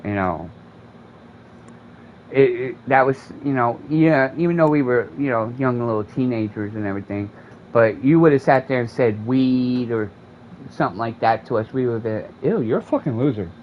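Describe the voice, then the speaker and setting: A man's voice: medium pitch, normal speed. A man, telling a profane, rambling story in casual chat while streaming a game. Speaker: gaming streamer. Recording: dull lo-fi mic with faint air conditioning hum.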